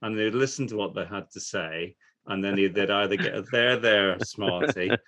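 A man interviewing a guest in a relaxed, rambling way, often saying "you know". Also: on the low side, a little fast. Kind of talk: conversational interview.

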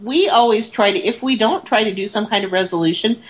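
A woman's voice: mid-range voice, fairly quick, poor audio. A woman in casual conversation, a paranormal investigator who tells stories in a chatty way and acts out the people she quotes.

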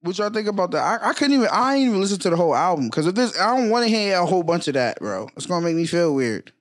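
A man's voice: high voice, very animated, rapid-fire. A man co-hosting a podcast, trading crude jokes in casual banter. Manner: loud, joking, swears freely. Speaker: podcast co-host.

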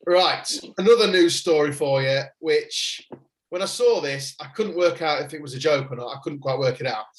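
A man hosting a podcast, telling stories in an excitable, jokey way. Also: fairly high pitch, normal speed. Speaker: podcast host. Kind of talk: casual chat.

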